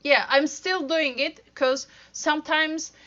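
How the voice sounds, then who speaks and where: Bright high-voiced host, searching for words. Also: female voice, steady tone, takes it slowly, highs cut off. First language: Turkish. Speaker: podcast host. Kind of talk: casual interview chat.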